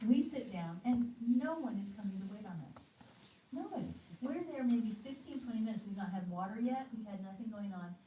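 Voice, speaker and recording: American woman telling animated stories. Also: mid-range voice, a little fast, a little hiss or hum. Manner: animated, acts out quoted thoughts. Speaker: ministry teacher. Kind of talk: storytelling teaching talk. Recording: echoey room, mic at a distance.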